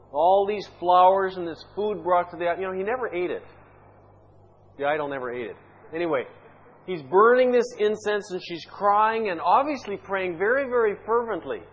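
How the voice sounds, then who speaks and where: A man's voice: high voice, slightly rough, dull audio. A male pastor preaching an impassioned sermon, full of rhetorical questions.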